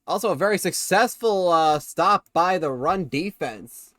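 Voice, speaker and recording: Male streamer, slightly high voice, casual play-by-play of his football game, dry close sound. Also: measured pace, dry recording. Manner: casual, self-correcting, bursts of excitement on big plays.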